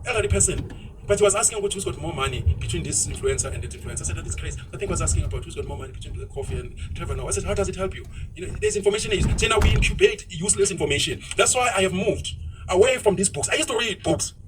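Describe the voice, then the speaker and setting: Fast-talking, high-voiced South African man. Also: expressive, distant mic, noisy background. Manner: blunt, ranting, switches into isiZulu phrases. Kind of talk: opinionated podcast talk.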